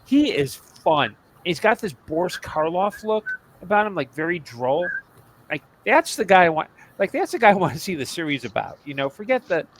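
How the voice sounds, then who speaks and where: A man's voice: high-pitched, slight background noise, low-quality recording. A man co-hosting a podcast in casual chat about old TV shows, rambling with many restarts and asides. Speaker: podcast co-host.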